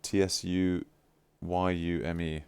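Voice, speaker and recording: A man's voice: deep voice, little pitch movement, slow pace, clear, resonant tone. A man chatting casually on a live stream, effusive and playfully teasing. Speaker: livestreamer.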